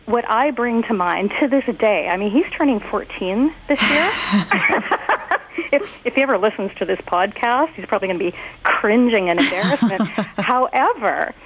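Sex: woman. Role: podcast guest. Style: lively, expressive talk with a wide-ranging pitch. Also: normal speed, a little hiss or hum, rough recording. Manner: expressive, animated storyteller. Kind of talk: casual conversational interview.

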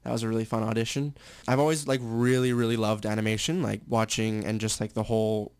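Smooth-voiced young man chatting. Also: on the low side, little pitch movement, fast, a little mellow, no echo. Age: young adult. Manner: chatty, candid, full of fillers and restarts. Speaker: guest, stadium announcer and actor. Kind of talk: casual interview chat.

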